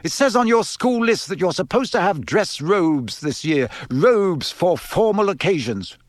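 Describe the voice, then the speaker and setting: A man voicing a fussy, bossy middle-aged mother in a high, sharp voice. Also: animated, unhurried, dry recording. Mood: scolding.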